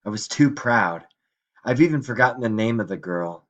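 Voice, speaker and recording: A man's voice: mid-range voice, expressive, moderate pace, dull audio, natural voice. A man voicing a frail old grandmother in a nursing home, drifting and regretful, as he reads a story aloud. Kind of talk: audiobook reading.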